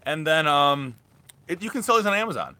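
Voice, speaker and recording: A man's voice: on the high side, animated, a little fast, sharp tone, no echo. A young man rambling casually through a live thrift haul as a reselling vlogger. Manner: rambling, chatty, restarts often.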